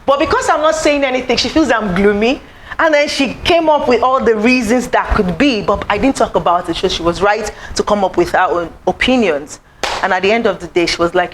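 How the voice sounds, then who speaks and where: Woman, motivational speaker, lively storytelling talk at an event, faint hiss behind. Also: a little fast, poor audio. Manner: animated, acts out quoted voices, rising to high exclaims. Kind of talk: inspirational talk to a live audience. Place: event room.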